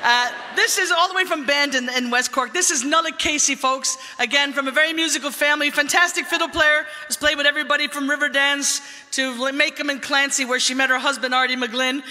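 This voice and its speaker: A man from the Bronx introducing musicians on stage, joking loudly with stumbles, in a live concert hall. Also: extremely high pitch, steady tone, brisk, hardly any pauses. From the Bronx, New York. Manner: joking, loud emcee patter with stumbles. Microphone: stage microphone. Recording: live hall with crowd and long reverb.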